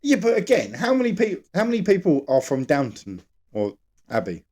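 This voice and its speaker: A man's voice: a little high, huge pitch swings, normal speed, darkish tone. Rambling man, casual podcast chat. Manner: rambling, jokey, tries silly accents. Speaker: podcast co-host.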